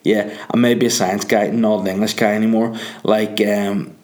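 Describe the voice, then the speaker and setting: Sleepy Northern Irish comedian rambling. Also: male voice, fairly low pitch, level tone, normal speed, darkish tone. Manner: rambling, joking, swearing freely. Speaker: comedian and podcast host. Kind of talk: casual monologue.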